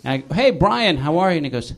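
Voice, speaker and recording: A man telling a comic story as a podcast guest, giggling and breaking into high laughter mid-story. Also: sing-song, quick pace. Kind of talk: casual comedic storytelling.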